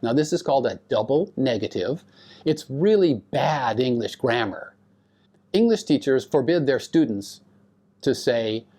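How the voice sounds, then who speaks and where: Slow, lively-voiced male Bible teacher. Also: medium pitch. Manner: slow, deliberate teaching with rhetorical questions; explains Greek grammar to students. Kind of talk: recorded Bible lecture.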